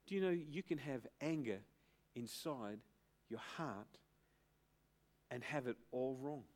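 A middle-aged man preaching a sermon as pastor, emphatic, with dramatic pauses and build-ups. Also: medium pitch, expressive, darkish tone.

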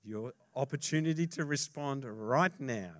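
A male pastor preaching a sermon, swinging between hushed asides and loud emphasis, and joking casually with the congregation. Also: mid-range voice, measured pace.

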